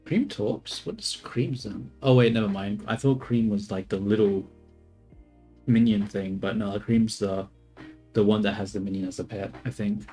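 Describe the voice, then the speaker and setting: Soft music plays while a young man works on 3D models live, musing aloud, drifting off mid-thought and fixing what he says. His voice is on the low side and dark in tone, steady, at a normal speed.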